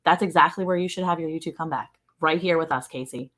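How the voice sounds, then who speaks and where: A woman hosting a casual livestream from a ranch home, chatty and excited and laughing often. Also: low voice, fast talker. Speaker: livestream host.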